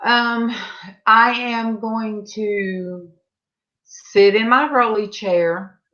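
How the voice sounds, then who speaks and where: Woman panelist, slow-paced, meandering talker, muffled lo-fi audio. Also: fairly high pitch, steady tone, fairly bright tone. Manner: rambling, meandering. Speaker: panel guest. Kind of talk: casual chat. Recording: dull lo-fi webcam audio.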